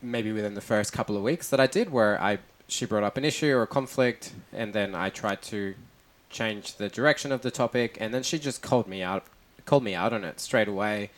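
A man in his thirties chats on a podcast, his voice sitting a little low. He speaks reflectively, often circling back and restarting as he tells a story from his life. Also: a little fast, few pauses. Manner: reflective, storytelling with repeated starts. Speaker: podcast host. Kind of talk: casual chat.

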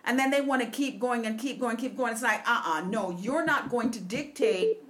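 A woman with a fairly high voice hosting a relaxed talk. She speaks emphatically and backs up her guest often. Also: normal speed. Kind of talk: casual conversation.

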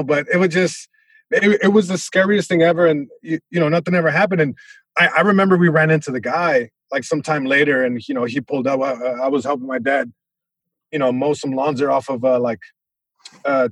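A male comedian guest telling a story in an animated way, with many restarts and sound effects. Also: mid-range voice, breathy edge, no room sound.

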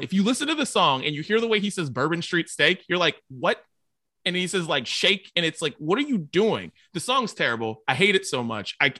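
A man's voice: a little high, pushed and bright, dry recording, studio quality. A man co-hosting a podcast, chatting casually and ranting emphatically about songs. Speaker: podcast co-host. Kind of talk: casual chat.

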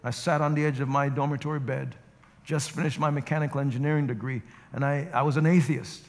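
A guest pastor, male, delivers a sermon full of animated stories with acted-out quotes. He speaks quickly at a medium pitch, and the church sanctuary gives the sound a reverberant, hall-like quality.

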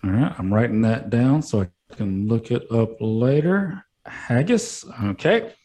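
A man's voice: medium pitch, lively intonation, a little slow, warm tone. A young man co-hosting a podcast, rambling and swearing through crude banter, laughing often. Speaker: podcast co-host.

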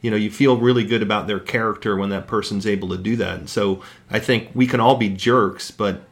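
Low-ish voiced guy thinking it through, repeats himself a bit. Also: steady tone, fairly quick. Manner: reflective, repeating words as he builds a point. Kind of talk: casual reflective discussion.

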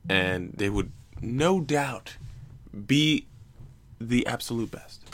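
A man's voice: mid-range voice, animated, slow, a bit bright. A young man hosting a casual recorded chat, rambling and teasing with jokes. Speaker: podcast host.

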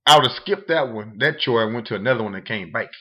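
A man's voice: mid-range voice, lively intonation, fast, pushed and bright, husky. A man co-hosting a podcast, chatting frankly and casually, repeating phrases for stress. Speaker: podcast co-host. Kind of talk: casual chat.

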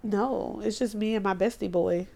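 A woman's voice: mid-range voice, steady tone, gravelly, mellow. A woman co-hosting a podcast in casual, joking chat. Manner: loose, joking, talks in quick bursts. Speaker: podcast co-host.

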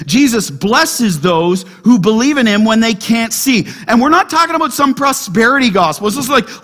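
A man preaching a sermon as pastor, emphatic, dropping quiet then crying out loud. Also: extremely high pitch, sing-song, normal speed, hardly any pauses.

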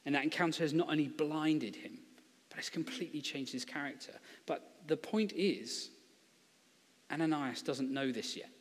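Guy preaching, chatty and jokey, slightly high voice, long echo like a big hall. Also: normal speed. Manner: conversational, humorous storytelling, acts out quotes. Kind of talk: sermon.

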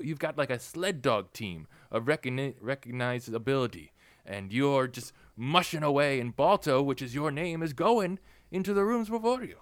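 A man in a comedy improv playing an older former president who gives rambling, soft-spoken advice that trails off. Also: medium pitch, no echo, close to an everyday voice.

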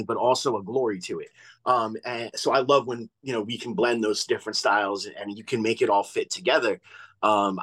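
A man's voice: mid-range voice, fairly bright tone, poor audio. A man co-hosting a radio show, musing about blending music styles in a rambling way before asking a question. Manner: rambling and reflective, many fillers. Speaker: radio co-host. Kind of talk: casual radio chat.

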